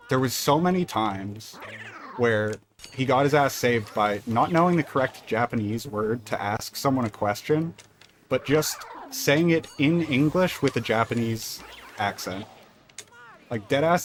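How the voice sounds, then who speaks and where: A man's voice: medium pitch, a little hiss or hum. Rambling casual male gaming streamer. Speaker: speedrun streamer. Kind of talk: casual chat while gaming.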